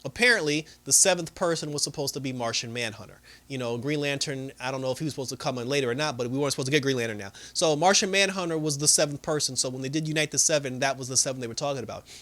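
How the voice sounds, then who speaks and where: Man reviewer, casual and excitable, bright forceful voice, rambling retelling full of fillers. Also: medium pitch, racing, few pauses. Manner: animated retelling with frequent laughter; loose, full of "you know" and "like". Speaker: movie reviewer. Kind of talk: casual spoiler review chat.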